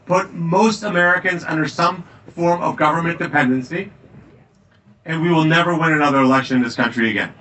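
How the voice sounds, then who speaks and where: A man giving a campaign stump speech in a tavern, telling anecdotes in an emphatic, energetic way. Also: sits high, recorded from a distance, rough recording. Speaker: political candidate. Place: tavern, indoors.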